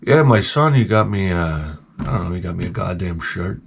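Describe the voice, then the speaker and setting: Man impersonating a worn-down old-timer, deep and quiet, mumbles and trails off. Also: big pitch swings, normal speed, slight background noise. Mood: weary grumble. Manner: low mumbling grumble, trailing off. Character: weary grumbling old man in his seventies.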